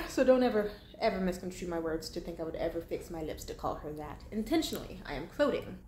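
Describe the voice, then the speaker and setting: A woman's voice: on the low side, very animated, fairly quick, darkish tone. A 22-year-old woman venting bluntly and profanely in a candid monologue. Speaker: vlogger. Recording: echoey room with faint background hum.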